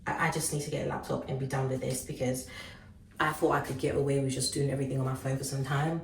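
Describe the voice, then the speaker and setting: A woman's voice: very deep voice, creaky, reverberant, distant mic, slight background noise, low-quality recording. A woman in her late twenties from Ghana, venting in a casual, candid vlog to her phone camera. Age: late 20s. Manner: frustrated venting, chatty and candid. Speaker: vlogger.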